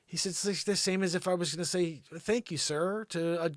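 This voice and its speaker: Man, middle-aged, livestream host, rambling casual chat, fairly high voice, very dry sound. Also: a little fast, no echo. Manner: rambling, animated, breaks into impressions.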